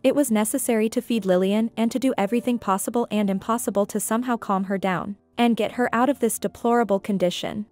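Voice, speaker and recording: A woman narrating a scripted story in an even, measured way. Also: fairly high pitch, soft background music.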